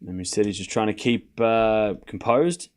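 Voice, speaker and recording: A man's voice: fairly low pitch, normal speed, darkish tone, smooth. A young man hosting a live tennis watchalong, chatting casually with his stream chat and calling the score in a rambling way. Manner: chatty, rambling, with fillers and restarts.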